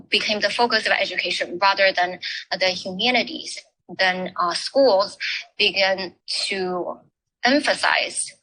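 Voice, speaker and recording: A woman lectures at an education forum in an unhurried, measured way. Her voice is bright and crisp. She stops often on fillers as she picks her next words. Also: mid-range voice, poor audio. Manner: halting, with frequent filler pauses. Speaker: forum speaker. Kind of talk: academic talk on education history.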